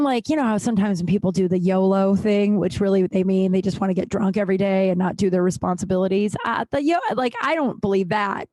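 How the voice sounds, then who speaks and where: A woman hosting a podcast in casual personal chat, talking in an animated, rambling way, swearing freely and getting emotional at times, at home. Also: medium pitch, no room sound. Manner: emotional, close to tears at times. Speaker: podcast host.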